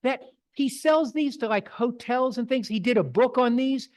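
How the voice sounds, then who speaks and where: A middle-aged man with an extremely high voice speaks at a moderate pace, giving a casual slide talk to a photography club in their meeting room. His style is folksy and storytelling, with frequent digressions.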